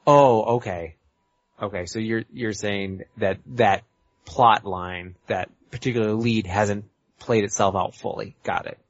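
A man's voice: fairly low pitch, measured pace, no echo. Talkative man planning aloud, lo-fi audio. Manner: talkative, thinks aloud and plans. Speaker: player. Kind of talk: tabletop role-play session. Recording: dull, lo-fi audio.

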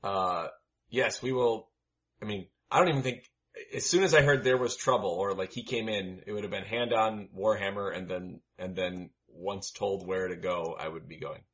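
A man playing in a tabletop game, chatting and joking in an animated way. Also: low-pitched, normal speed, highs cut off. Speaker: player. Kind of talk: casual banter.

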